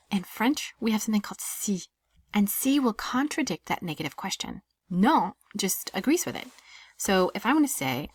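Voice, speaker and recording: Lively woman teacher, close dry voice. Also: medium pitch, brisk, dry recording. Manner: lively, often drops to a breathy near-whisper. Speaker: French teacher. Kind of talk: casual recorded language lesson.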